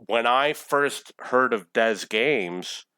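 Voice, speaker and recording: A man's voice: medium pitch, lively intonation, extremely slow, bright, forceful tone, clear, resonant tone, dry recording. Cranky man in his forties, dry. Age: 40s. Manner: rambling, profane, easily irritated. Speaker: gamer commentating his replay. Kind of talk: casual gameplay commentary.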